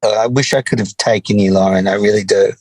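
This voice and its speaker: A man mimicking a lecherous, persistent grown man in a low, pleading, leering tone. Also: steady tone, fast talker, a little mellow, no room sound, natural voice. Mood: smarmy pleading. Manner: leering, overly earnest pleading.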